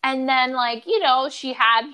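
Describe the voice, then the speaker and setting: A woman's voice: high-pitched, unhurried, bright, forceful tone, clear, resonant tone. A woman co-hosting a podcast in casual chat, talking with many "like" fillers and laughing through her stories. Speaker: podcast co-host.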